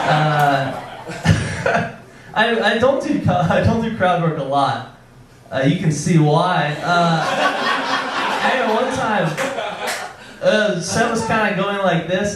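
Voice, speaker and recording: A man doing a stand-up set, awkward and self-deprecating, halting with frequent ums. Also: a little high. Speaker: stand-up comedian. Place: comedy club stage. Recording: roomy club sound from a distance with audience. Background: audience laughter.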